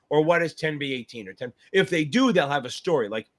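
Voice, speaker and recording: A fairly high-voiced man hosts a casual live Q&A stream for exam takers. His pitch swings widely as he cheers viewers on, swears freely and jumps between comments while thinking aloud. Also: fast, hardly any pauses. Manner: animated, profane, hypes up viewers. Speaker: exam tutor hosting a live Q&A. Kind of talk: casual livestream chat.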